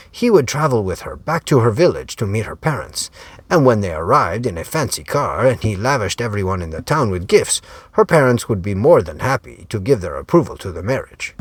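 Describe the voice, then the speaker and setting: Man reading his novel aloud, husky, low-pitched, lively intonation, dry close sound. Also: a little fast, dry recording. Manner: wry, storytelling. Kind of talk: audiobook narration.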